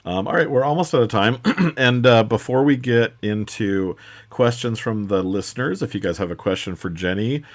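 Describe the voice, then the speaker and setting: A man hosting a live interview chat, asking questions in a relaxed, friendly way. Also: medium pitch, normal speed. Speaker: host.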